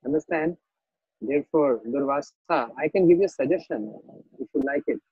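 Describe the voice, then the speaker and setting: A man gives a scripture lecture in a fairly high voice with a husky edge. He tells a story, repeats phrases and checks in with his listeners. The sound is dry and a bit dull. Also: expressive, normal speed, no room sound. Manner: explains verses, repeats phrases, asks listeners "understand?". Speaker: spiritual teacher.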